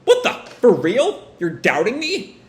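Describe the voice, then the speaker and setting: A man's voice: sits high, sing-song, a little fast, fairly bright tone, pitched above the performer's own voice. A man voicing a brash teenage ninja boy, raising his voice and pushing hard on the lines. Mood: insistent. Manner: raised, pushy delivery. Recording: roomy echo.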